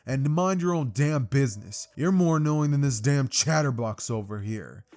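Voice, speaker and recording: A man voicing a hot-tempered young male rival who yells and curses, in a fan story narration. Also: mid-range voice, lively intonation, normal speed, close to an everyday voice. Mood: furious. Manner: angry yelling, cursing.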